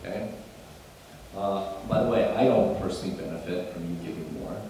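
A man preaching a sermon as pastor, animated and building to emphatic bursts, often restarting his phrases. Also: sits low, fairly quick, a little hiss or hum. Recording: echoey hall, mic at a distance.

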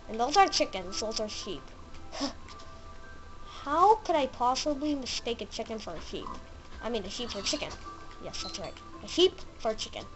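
A woman hosting a casual gameplay let's play, excitable and easily frightened, chattering to the animals in the game. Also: a little high, normal speed, soft background music, low-quality recording.

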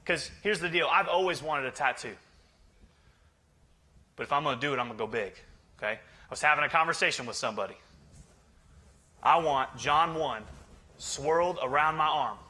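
A man preaching with a bright, forceful tone and a slightly high voice. He is a pastor who keeps the sermon conversational and playful and teases his listeners as he goes. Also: normal speed, long pauses. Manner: joking, conversational, teasing the congregation. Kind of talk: humorous sermon.

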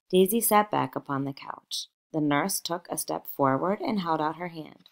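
A woman narrating a novel aloud in a measured, expressive storytelling manner. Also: low voice, vocal fry. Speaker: audiobook narrator.

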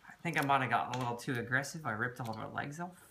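A man's voice: mid-range voice, rapid-fire. A young man hosting a casual travel vlog, playful and joking as he reacts to food. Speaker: vlog host. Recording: noisy background ambience.

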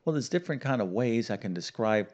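A man's voice: medium pitch, lively intonation, quick pace, darkish tone, highs cut off. A middle-aged man teaching a math lesson in an emphatic, upbeat way, full of "okay" and small fillers.

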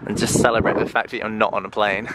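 A young man vlogging casually with his girlfriend, animated and upbeat, laughing often. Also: on the low side, fast talker. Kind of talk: casual couple vlog. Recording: roomy with clear background noise and traffic.

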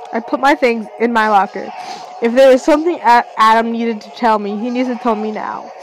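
A young woman with a slightly high voice reads her homemade story aloud. She stumbles and restarts often, keeping an unpolished, casual read. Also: slight background noise, rough recording. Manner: halting, frequent restarts and slips. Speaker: fan fiction reader.

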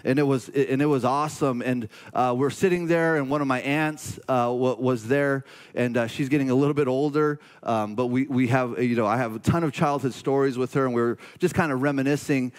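A man in his forties, a pastor, preaching a sermon in an earnest, halting way that turns emotional and confessional. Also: mid-range voice, long reverb tail.

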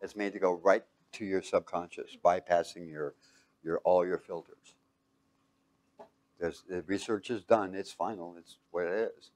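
A man giving a motivational talk to a live audience. He talks emphatically, swings from loud to hushed, and keeps quizzing listeners with fill-in questions. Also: deep voice, fairly even intonation, a little slow. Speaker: speaker teaching a live audience.

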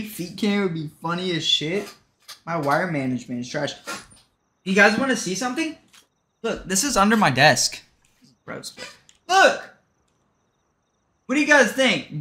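A young man streaming a survival game, excitable and trolling, jumping between yelling and muttering. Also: fairly high pitch. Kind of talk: livestream gaming chatter.

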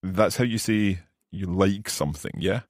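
A man hosting a podcast language lesson, asking questions and repeating phrases slowly in casual chat. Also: sits low, no echo, studio quality. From Scotland. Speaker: podcast host and learner.

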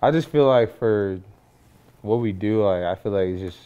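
Young man, guest, casual chat, thoughtful, candid, fairly low voice. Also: moderate pace, warm tone, clear, resonant tone, highs cut off. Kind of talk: casual chat among friends.

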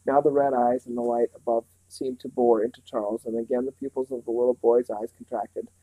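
Male reader with a mellow, dry voice, reading a novel aloud at a measured pace. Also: medium pitch, little pitch movement, dry recording, rough recording.

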